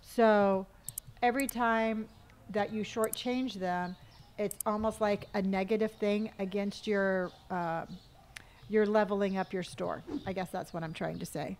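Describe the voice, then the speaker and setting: A middle-aged woman from California hosts a relaxed live game stream. She chats easily, reads out viewers' comments and talks herself through tasks in a low mutter. Her voice sits at an ordinary pitch for a woman. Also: measured pace, slight background noise. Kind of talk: casual live-stream chat while gaming.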